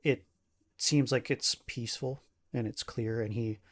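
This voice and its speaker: A man narrating as game master of a tabletop game, halting and full of fillers. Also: medium pitch, fairly even intonation. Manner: halting, with many fillers and restarts.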